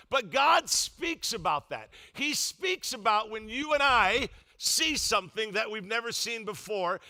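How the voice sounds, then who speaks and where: Bright, animated older male pastor. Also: high-pitched. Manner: humorous storytelling, animated, loud emphatic bursts. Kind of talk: sermon.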